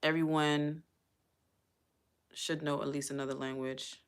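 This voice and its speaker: A woman's voice: low voice, level tone, measured pace, clear, resonant tone. A middle-aged woman chatting casually on a live stream, musing aloud and drifting from topic to topic. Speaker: vlogger.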